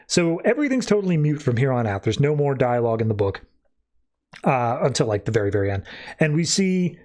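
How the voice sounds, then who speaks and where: A man hosting a podcast, giving a loose, slangy recap of a comic book issue with animated asides. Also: mid-range voice, fairly quick. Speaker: podcast host.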